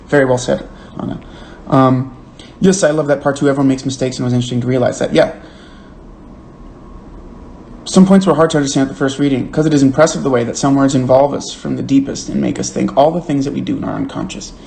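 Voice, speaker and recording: Speaking fast with vocal fry, this man has a medium-pitched, darkish voice and a steady tone. He runs a book club livestream, working through comments in an earnest, thoughtful manner that keeps stammering and restarting. Faint room noise and a roomy echo fill the recording.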